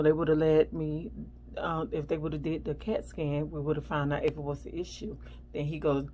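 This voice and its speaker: A woman's voice: sits low, a little hiss or hum, low-quality recording. A woman vlogger chatting casually and animatedly as she tells a story. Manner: chatty, animated, acts out the people in her story.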